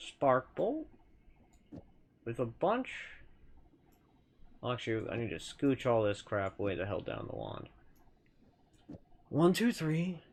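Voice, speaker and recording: A man's voice: mid-range voice, huge pitch swings, slow pace, creaky, pauses often, darkish tone. A man streamer giving casual gameplay commentary in a chatty, playful way, with lots of self-correcting asides.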